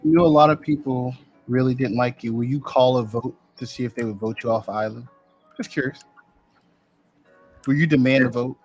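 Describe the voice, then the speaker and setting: A man's voice: mid-range voice, fairly even intonation, fairly quick, long pauses, darkish tone, husky, soft background music. A man on an art live stream, chatting casually in a playful, teasing way.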